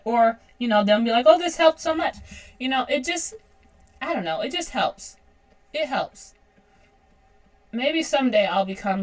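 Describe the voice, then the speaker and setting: A woman in her thirties chatting casually on a livestream while drawing, self-deprecating and laughing often. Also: mid-range voice. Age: 30s. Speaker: webcomic artist streaming.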